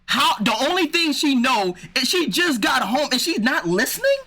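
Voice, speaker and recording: A man's voice: very high-pitched, very animated, moderate pace, sharp tone. A man streaming, reacting to a video with exasperated casual commentary, swearing and saying "bro" a lot.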